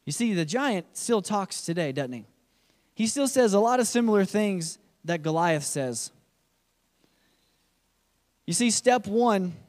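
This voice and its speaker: A man's voice: sits high, darkish tone, in a large hall. A male pastor preaching a sermon, reading scripture and voicing the taunts of a giant to his listeners.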